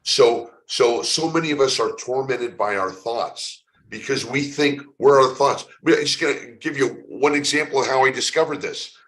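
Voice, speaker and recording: A man from San Francisco speaks as a guest in a conversational interview. He tells his story earnestly at a middle pitch, often stumbling and repeating a word before going on. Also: normal speed, hardly any pauses, fairly bright tone. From San Francisco, United States. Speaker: spiritual coach being interviewed.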